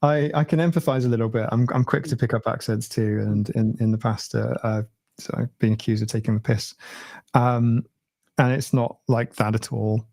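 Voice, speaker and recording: British bloke hosting a stream, mid voice, laughs a lot, dry close mic. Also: male voice, medium pitch, fairly even intonation, creaky, darkish tone, no room sound. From Britain. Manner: laughs often, quick to agree. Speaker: host. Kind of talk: casual chat.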